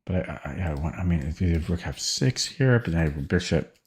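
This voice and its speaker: A man's voice: deep voice, expressive, fairly quick, a little mellow. A man streaming a chess game, thinking aloud hesitantly and often stammering or repeating words. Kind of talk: live-stream chess commentary.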